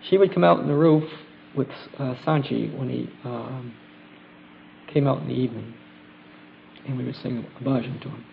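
A man sharing his travel experiences with a gathering in a casual spoken testimony, halting and reflective with many fillers and restarts. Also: mid-range voice, vocal fry. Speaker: group member sharing trip experiences. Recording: dull lo-fi tape with faint hiss.

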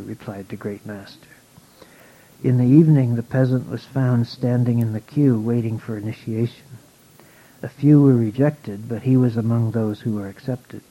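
A man calmly reading a spiritual story aloud at a measured pace. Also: medium pitch, husky. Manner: calm, measured. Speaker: reader. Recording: dull lo-fi recording.

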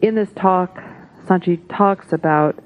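A woman reading devotional texts aloud at a spiritual gathering, in a measured, solemn way. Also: fairly low pitch. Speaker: satsang reader. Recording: tinny phone-like audio.

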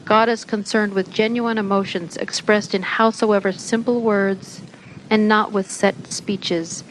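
A woman reads a spiritual text aloud in a slow, deliberate way, now and then tripping over a word and correcting it. Her voice sits at a middle pitch. A faint hiss runs beneath the reading. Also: steady tone, poor audio. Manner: slow, deliberate, occasional slips on words. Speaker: reader at a spiritual gathering.

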